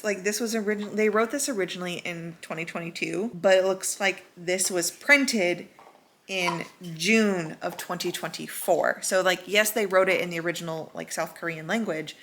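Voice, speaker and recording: Young woman rambling about a book, gravelly bright voice, swears a lot. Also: on the low side, a little hiss or hum. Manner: animated rambling with swearing and acted quotes. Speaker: book vlogger. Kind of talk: casual chatty book review.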